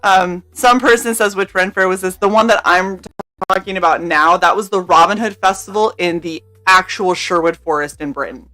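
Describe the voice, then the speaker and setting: A woman's voice: fairly low pitch, normal speed, pushed and bright, soft background music. A young woman telling a story on a live stream in casual chat. She talks animatedly, laughs often, swears freely and acts out what people said. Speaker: streamer co-host.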